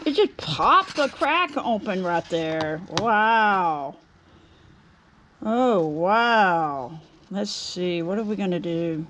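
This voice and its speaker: In an outdoor workshop, a woodturning vlogger chats and rambles to her viewers as she works, pausing to shoo away a bee. Her voice is lowish, animated and fairly bright, delivered very slowly. A little hiss or hum sits under the recording.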